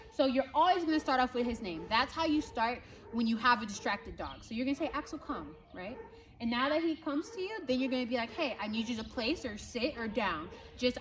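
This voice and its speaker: A woman with a high voice coaching her dog and talking viewers through each step in a firm, brisk way. She keeps checking in with short tag questions. A faint hiss of outdoor noise sits underneath. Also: a bit bright. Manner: talks to viewers while praising and commanding her dog. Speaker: dog trainer. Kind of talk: outdoor training demonstration.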